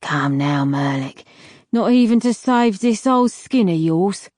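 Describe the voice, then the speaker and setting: A woman voicing a menacing male crime boss who mocks his victim calmly and barks orders, read for an audiobook. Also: medium pitch, slow pace, dry recording, clean studio sound. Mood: mocking. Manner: calm, mocking, then barking orders.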